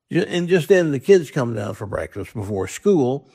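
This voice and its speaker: A man's voice: mid-range voice, very animated, normal speed, creaky, darkish tone, husky. A man telling a long joke in a folksy, casual way, with plenty of restarts, acting out each character's lines. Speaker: joke teller. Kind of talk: casual storytelling.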